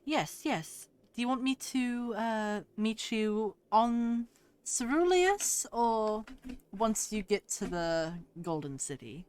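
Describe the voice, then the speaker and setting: A woman's voice: a little high, lively intonation, takes it slowly, darkish tone, smooth, voice pushed up. A woman voicing a gracious noble queen, speaking in a formal, composed way.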